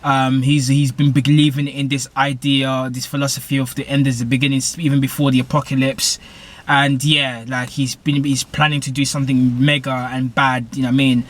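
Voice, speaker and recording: A man's voice: mid-range voice, flat delivery, a little fast. A young British man casually recapping a TV episode, rambling with lots of fillers and corrections. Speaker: TV show reviewer.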